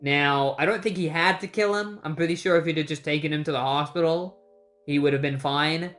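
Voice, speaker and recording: A comic book reviewer recapping issues in a casual, chatty manner, full of incredulous asides. The voice sits at a middling pitch. Soft music plays faintly underneath. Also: a little fast.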